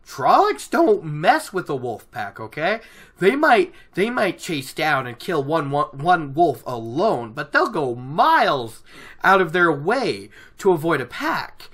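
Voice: mid-range voice, sing-song, slow pace, a bit bright, full character voice. A podcaster voicing a blunt older man who lives with wolves, speaking in an offhand, amused way while retelling a fantasy novel.

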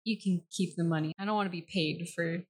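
Playful woman player, lowish voice. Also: fairly even intonation, fairly quick, a little mellow, breathy edge. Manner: casual, playful. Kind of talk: tabletop game play.

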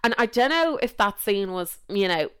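A young Irish woman talks as a podcast host, chatty and animated, sprinkling in casual swearing and running away with her thoughts. Her voice is smooth and clear, sitting at a middling pitch. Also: moderate pace. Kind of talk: casual chat.

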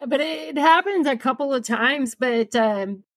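A woman's voice: high-pitched, unhurried, no echo, poor audio. A woman paranormal investigator guest in casual podcast chat, talking hesitantly and restarting sentences.

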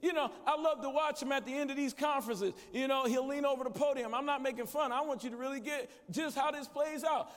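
High-voiced male preacher, call-and-response, booming through a reverberant sanctuary. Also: fairly quick, few pauses. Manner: shouts at peaks, drops low and quiet elsewhere. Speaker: guest preacher. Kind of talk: conference sermon. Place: large church sanctuary. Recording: echoey church hall.

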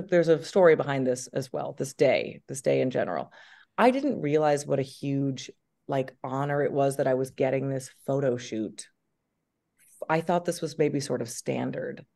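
A woman in her thirties, an actress being interviewed, telling stories in an animated way and laughing through her words. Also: low-pitched, gravelly. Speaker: actress and guest. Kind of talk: casual interview chat.

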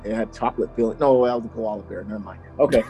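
A man's voice: on the low side, very fast, mellow, soft background music, low-quality recording. A man hosting a true-crime podcast who tells the story in a casual, jokey way and laughs easily. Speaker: podcast host telling the story. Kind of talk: casual chat.

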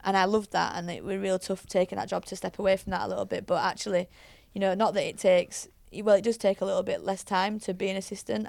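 A woman's voice: mid-range voice, gravelly, a little mellow, dry recording. A woman, a head coach chatting as a guest, telling stories with many fillers and restarts. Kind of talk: casual interview chat.

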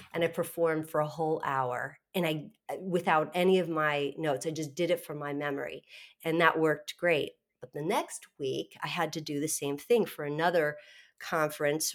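A middle-aged woman speaks in a low voice as an interview guest. She tells her story candidly and animatedly, laughing between phrases and restarting sentences quickly.

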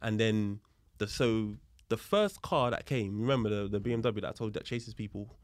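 A man, a guest on a podcast, telling a story in a lively, casual way and acting out the other people's voices, with street slang and swearing. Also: fairly low pitch, moderate pace, dry recording, clean studio sound. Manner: animated, acts out the voices of people in his story. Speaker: podcast guest, police officer.

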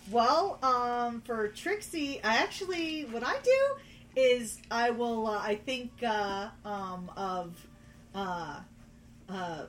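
Woman player chatting, playful, voice jumps all over, faint room hum. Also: mid-range voice. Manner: animated, playful. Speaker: tabletop game player. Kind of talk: casual chat.

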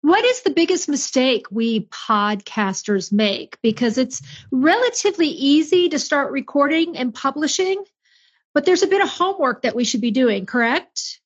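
A woman's voice: high-pitched, expressive, normal speed, muffled recording. A woman hosting a podcast interview, asking questions in an upbeat, inviting way. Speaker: podcast host.

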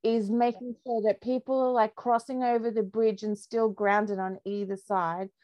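A woman, a podcast guest, telling her story in a candid, lively way and laughing often. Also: fairly high pitch, moderate pace, no echo, highs cut off. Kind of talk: casual storytelling interview.

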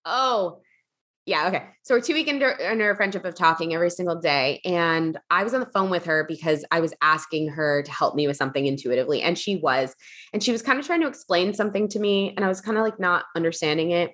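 A woman telling a story as a podcast guest, chatty, with lots of fillers, acting out quotes in a higher voice. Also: fast talker, a bit bright. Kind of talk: casual storytelling in an interview.

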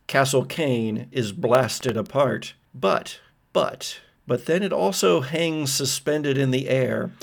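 A man's voice: mid-range voice, vocal fry. A man narrating vivid scenes as game master of a tabletop role-playing game. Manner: vivid descriptive storytelling.

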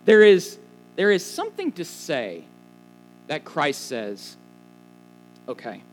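A man's voice: on the high side, wildly swooping pitch, slow pace, soft background music, poor audio. A man preaching a sermon in a conversational way, asking questions of the listeners and making casual asides. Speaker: pastor.

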